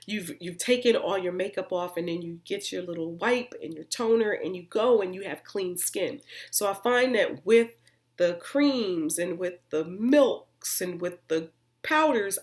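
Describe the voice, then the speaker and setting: Chatty woman reviewing beauty products. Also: on the low side. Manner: chatty, rambling, upbeat. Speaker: beauty vlogger.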